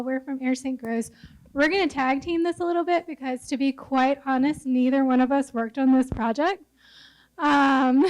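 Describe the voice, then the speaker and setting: A woman's voice: sits high, no room sound, poor audio. A woman architect casually presenting a building project at a conference. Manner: casual, with fillers.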